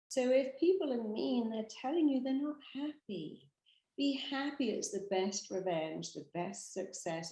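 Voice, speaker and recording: A woman with a British accent, a therapist giving an emphatic, animated motivational talk straight to the camera. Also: fairly high pitch, a little slow, echoey room, low-quality recording. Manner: emphatic, animated storytelling with acted quotes. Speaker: therapist and hypnotherapist.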